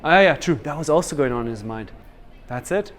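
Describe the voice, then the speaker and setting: A man leading a storytelling workshop, energetic and quizzing his audience. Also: on the high side, brisk. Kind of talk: interactive workshop teaching.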